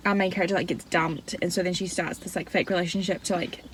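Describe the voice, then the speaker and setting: There's slight background noise as a young New Zealand woman in her twenties, a book vlogger, chats casually about books. Her lowish voice is quick, a bit bright, and fairly even in intonation, and she sprinkles "like" all through her chatty talk.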